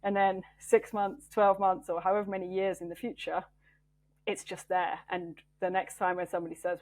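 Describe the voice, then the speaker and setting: A woman's voice: fairly low pitch, level tone, fairly quick, darkish tone. Thoughtful woman engineering manager, interview guest. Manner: thoughtful, with many fillers and restarts. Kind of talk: interview conversation.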